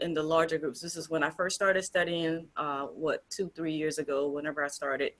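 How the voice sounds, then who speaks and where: A woman's voice: low voice, a bit bright. A woman co-hosting a casual discussion, talking in an earnest, emphatic way with frequent restarts. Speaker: group founder and co-host.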